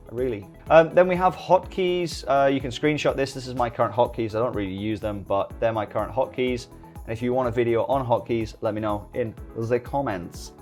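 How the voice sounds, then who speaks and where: A middle-aged British man giving a relaxed software walkthrough tutorial, full of joking, rambling asides. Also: medium pitch. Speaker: day-trading YouTuber. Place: home desk early morning.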